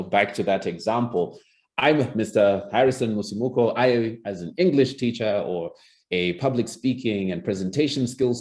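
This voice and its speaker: Teaching presentation skills, a public speaking coach changes his tone and pace to demonstrate. He has a low-leaning, darkish voice, and the clip is a recorded lesson.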